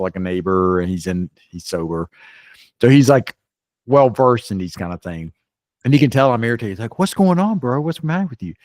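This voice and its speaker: A man's voice: low voice, no echo, studio quality. A man co-hosting a podcast, telling a story animatedly, often restarting his sentences. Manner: animated, restarts, rises sharply when quoting. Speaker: podcast co-host. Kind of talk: casual storytelling chat.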